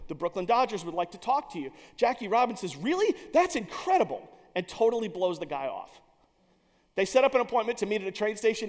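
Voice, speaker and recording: High-voiced man telling a story. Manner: animated, emphatic storytelling with restarts. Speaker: speaker. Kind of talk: storytelling speech. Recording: long hall reverb.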